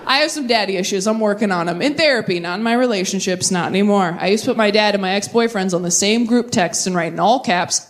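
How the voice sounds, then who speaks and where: A young woman performing stand-up comedy on stage, wry and animated, jumping to high squeaks for emphasis. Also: fast talker, few pauses. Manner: wry, animated delivery with sudden high-pitched bursts. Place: comedy stage before a live audience.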